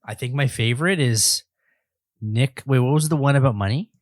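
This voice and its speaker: A man's voice: mid-range voice, moderate pace, dry recording. A man with a nasal voice co-hosting a podcast, talking in a playful, teasing way. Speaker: podcast co-host. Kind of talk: casual chat.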